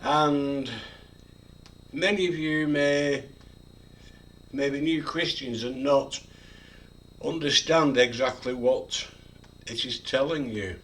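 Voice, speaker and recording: A man's voice: medium pitch, steady tone, slow, long pauses, a bit bright, far from the mic. A man in his seventies, a preacher giving a devotional talk, who repeats single words and leans hard on each one. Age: 70s. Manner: emphatic, repeats single words with heavy stress. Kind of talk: devotional video talk on a psalm.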